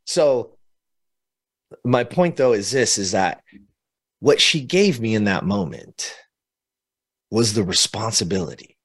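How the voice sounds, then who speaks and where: Animated man telling a personal story. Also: on the low side, slightly rough. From California. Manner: animated, laughs between phrases, many asides to the host. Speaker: podcast guest.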